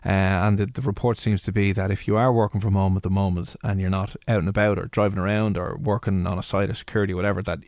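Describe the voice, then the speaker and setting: A man with an Irish accent hosting a radio show, chatting and joking in a relaxed studio banter. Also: sits low, quick pace, few pauses, dry recording. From Ireland. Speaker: radio host. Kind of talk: casual radio chat. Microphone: studio mic.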